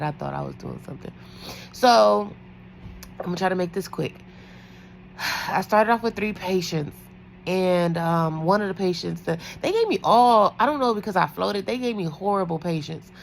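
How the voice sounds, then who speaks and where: A woman's voice: fairly low pitch, vocal fry, a little hiss or hum, low-quality recording. A woman who works as a night-shift nurse, chatting casually in a storytime vlog, rambling with lots of fillers.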